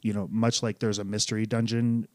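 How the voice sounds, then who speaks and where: A man co-hosting a casual podcast chat, cracking quick jokes and laughing often. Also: lowish voice, little pitch movement, a little mellow, no echo. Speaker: podcast co-host.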